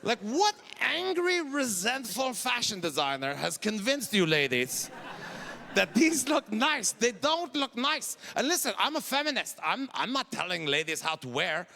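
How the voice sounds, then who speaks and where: A man in his forties with a Quebec French accent, doing an exasperated, ranting stand-up set and shouting his punchlines. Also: very high voice, very animated, measured pace, creaky. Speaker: stand-up comedian. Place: comedy festival stage. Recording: noisy live stage recording.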